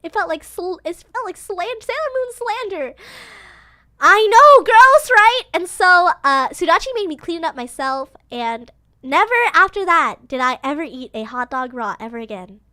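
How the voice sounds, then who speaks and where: Woman streamer, very high and lively voice, giggly and playfully dramatic, faint music under her. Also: moderate pace, no room sound, clean studio sound. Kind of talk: casual livestream storytelling.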